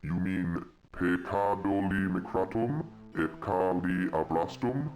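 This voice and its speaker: An actor playing a foreign traveler envoy who speaks formally with odd, inverted grammar, in a video game. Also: male voice, sits low, takes it slowly, darkish tone. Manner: formal, inverted word order. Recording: game audio over music.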